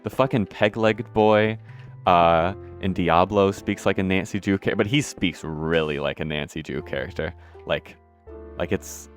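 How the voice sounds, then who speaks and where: Deep-voiced guy chatting while he plays, swears a lot, bit of music in the back. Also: a little slow. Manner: rambling, profane, self-deprecating. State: out of breath. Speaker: gameplay streamer. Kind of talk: casual gameplay commentary.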